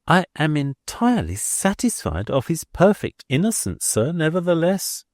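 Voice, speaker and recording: A man's voice: fairly high pitch, big pitch swings, moderate pace, a little mellow, dry recording, studio quality, pitched above the performer's own voice. A man voicing an anxious, deferential young clergyman who speaks in a raised, faltering way. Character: earnest anxious young male minor canon.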